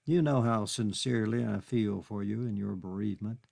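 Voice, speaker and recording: A man reading an audiobook, voicing a charming English gentleman with a deep, coaxing manner. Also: moderate pace, vocal fry. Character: smooth-talking English gentleman, charming seducer.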